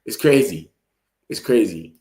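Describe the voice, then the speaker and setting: A young man talks football in a loose, slangy ramble, reacting to the match as he goes. His voice sits slightly low. The room around him is echoey. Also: animated, unhurried, warm tone. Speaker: football vlogger. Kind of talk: casual live-stream chat.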